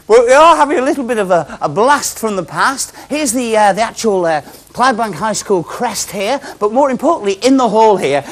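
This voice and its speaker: Middle-aged male roving presenter, high and breathless, all enthusiasm. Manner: energetic, half-shouting, rapid. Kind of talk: excitable live outside broadcast.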